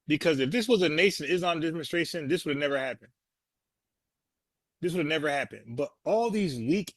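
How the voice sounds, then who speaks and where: Dude w aave trashing a protest clip, kinda high voice, dead dry sound. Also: male voice, no echo. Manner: blunt, scornful, laughs often. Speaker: commentator reacting to a protest video. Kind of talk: casual mocking commentary.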